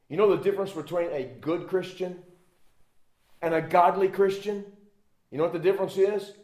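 A man preaching with fervent emphasis, his fairly high voice rising loud and then dropping to a hush. The sound rings around an echoey room. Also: fairly even intonation, moderate pace, pauses often. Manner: emphatic preaching, swinging from loud exhortation to hushed asides. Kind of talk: sermon.

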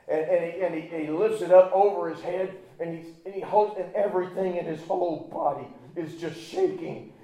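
A male pastor preaching a sermon, telling folksy stories and swinging between loud emphasis and hushed asides. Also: a little high. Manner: folksy storytelling with restarts.

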